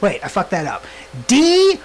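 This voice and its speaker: A man's voice: high voice, very animated, normal speed, a bit bright, a little hiss or hum, rough recording. Laughing, teasing male podcast co-host. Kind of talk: casual chat.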